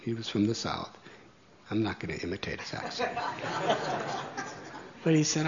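A man telling a story slowly, chuckling at his own tale. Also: lowish voice, big pitch swings, dull audio, slight background noise. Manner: slow, chuckling anecdote telling. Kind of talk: storytelling talk.

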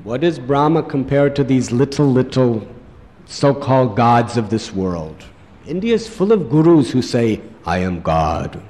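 A man delivers a sermon as dramatic storytelling, drawing out words at an unhurried pace. His voice rings through a large hall with a long reverb trailing each phrase. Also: mid-range voice, lively intonation, mellow. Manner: dramatic storytelling, slows for emphasis. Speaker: preacher.

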